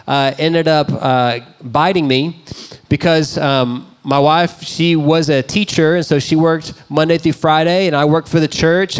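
A man's voice: on the high side, smooth. Conversational storytelling man preacher. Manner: conversational, self-deprecating storytelling. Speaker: pastor. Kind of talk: sermon with personal stories.

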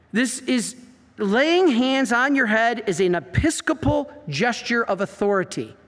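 A man, a priest giving an animated talk full of stories and acted-out quotes. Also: sits high. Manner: animated storyteller, acts out quotes. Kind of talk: preaching talk. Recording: reverberant hall.

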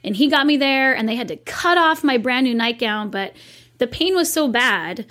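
A woman in her thirties, a guest and company owner, telling a personal story in an animated, chatty way in a casual interview. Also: high-pitched, normal speed.

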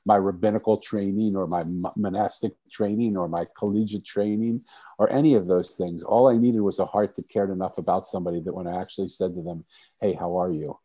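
Deep, mellow-voiced man telling stories. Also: steady tone, fairly quick, rough recording. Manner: earnest, repetitive restarts, soft-spoken. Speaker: podcast guest. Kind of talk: storytelling in conversation.

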